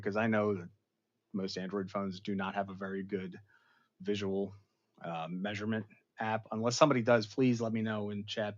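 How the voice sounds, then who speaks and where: Animated man reviewing an episode. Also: lowish voice. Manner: animated, acts out characters' lines in funny voices. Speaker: show host. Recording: slightly dull, lo-fi sound.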